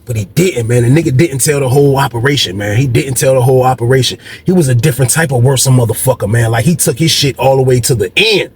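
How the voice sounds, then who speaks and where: A man's voice: medium pitch, quick pace, hardly any pauses, slightly rough. A man hosting a storytelling video, talking casually and profanely, acting out quoted voices and repeating "man" a lot. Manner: profane, repetitive, keeps saying "man".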